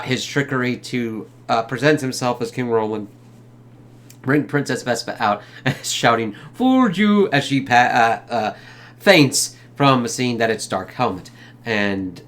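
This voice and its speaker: A man's voice: mid-range voice, a bit bright. A man giving a casual spoken movie review, rambling loosely, swearing a lot and laughing often.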